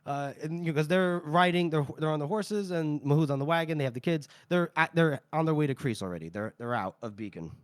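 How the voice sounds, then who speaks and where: Rambling, fairly high-voiced male host. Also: expressive, quick pace, few pauses, no room sound, clean studio sound. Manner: rambling, full of "you know" and "like". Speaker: podcast co-host. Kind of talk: casual book-podcast chat and chapter recap.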